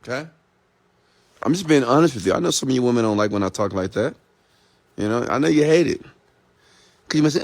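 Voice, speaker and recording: A man's voice: medium pitch, expressive, fast talker, a little mellow. Blunt, profane man ranting. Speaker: entrepreneur and mentor. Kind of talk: late-night motivational rant.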